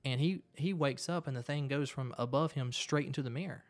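Animated man telling a story. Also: mid-range voice. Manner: fast, animated, repeats words while telling a story. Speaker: guest. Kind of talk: storytelling in conversation.

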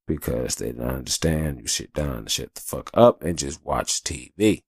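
Deep gravelly-voiced man chatting casually. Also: moderate pace, no echo, studio quality. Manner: loose, profane and chatty, with frequent "you know what I'm saying". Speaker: podcast host. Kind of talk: casual storytelling monologue.

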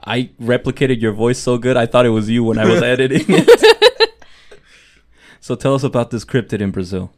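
A man's voice: medium pitch, big pitch swings, moderate pace. A young man co-hosting a casual podcast, laughing often and mimicking his friends. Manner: laughs a lot, does voices of friends. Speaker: podcast co-host. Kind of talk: casual chat.

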